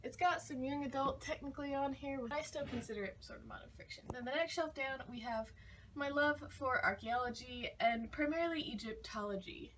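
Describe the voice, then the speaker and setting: A woman's voice: high-pitched, slight background noise. A young woman vlogging casually, chatty and enthusiastic as she talks through her bookshelves, often trailing off and restarting.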